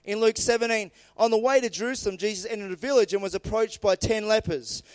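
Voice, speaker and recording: High-voiced preacher, smooth tone. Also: male voice, quick pace, no room sound. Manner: lively storytelling, retells scripture in casual everyday phrasing. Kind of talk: sermon.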